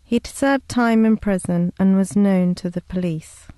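A woman reads documentary narration in a measured, factual way. Her voice is mellow and warm, recorded close and dry with no room sound. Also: medium pitch, no echo. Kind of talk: scripted narration.

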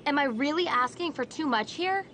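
A woman's voice: high voice, expressive, moderate pace, a bit bright, a little hiss or hum. A desperate, insistent mother. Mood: pleading. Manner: pleading, insistent, urgent. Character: desperate birth mother fighting to see her young son. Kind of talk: dubbed drama acting.

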